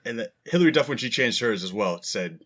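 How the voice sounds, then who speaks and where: A man's voice: medium pitch, lively intonation, fairly quick, a bit bright. A man in a casual podcast chat, joking and acting out his own reactions. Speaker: podcast co-host.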